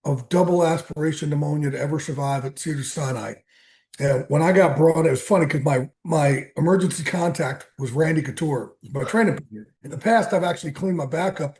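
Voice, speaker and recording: A man's voice: a little high, warm tone. A middle-aged man speaking frankly about his own past, with a self-deprecating and candid storytelling manner. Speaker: sports broadcaster and trainer.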